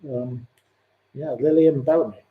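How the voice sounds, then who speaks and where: A man's voice: mid-range voice, steady tone, unhurried, narrow, tinny audio. A man hosting a live-stream quiz, chatting in a rambling, opinionated way between questions. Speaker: livestream host.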